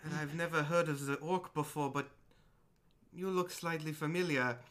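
A man's voice: fairly high pitch, fairly even intonation, moderate pace, fairly bright tone, natural voice. A man doing a weary gnome jeweler. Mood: nervous. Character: weary male gnome jeweler, easily exasperated.

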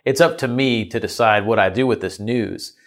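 A man with a fairly low voice co-hosts a casual podcast. He tells stories in a relaxed, easygoing way and slips into quoted voices as he goes. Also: moderate pace. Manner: easygoing storyteller, acts out quotes. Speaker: podcast co-host. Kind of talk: casual business podcast chat.

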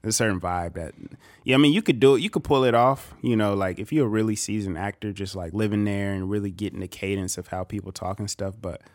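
A man's voice: lowish voice, steady tone, fast talker, no echo, clean studio sound. A man co-hosting a podcast in casual chat, laid-back, often laughing along. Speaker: podcast co-host.

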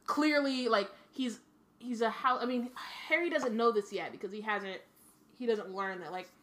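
A woman's voice: fairly high pitch, moderate pace, fairly bright tone. A woman co-hosting a casual book discussion, rambling with many fillers and restarts. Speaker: podcast co-host.

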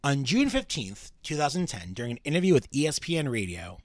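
A podcast co-host tells ghost stories in casual chat, rambling with lots of restarts and fillers. His mid-range voice is very animated and fairly quick, and there's no room sound on the recording.

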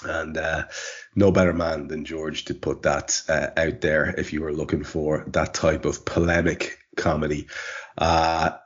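Deep, husky man hosting a casual football podcast, rambling and teasing. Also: little pitch movement, measured pace, dull audio. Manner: rambling, filler-heavy, teasing. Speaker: podcast host.

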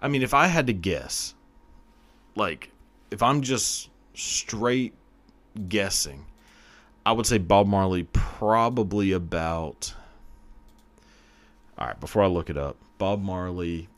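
A man's voice: sits low, lively intonation, takes it slowly, long pauses, fairly bright tone. A man hosting his own podcast, chatting casually on his own in a rambling, profane, self-deprecating way. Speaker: podcast host. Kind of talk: casual solo podcast chat.

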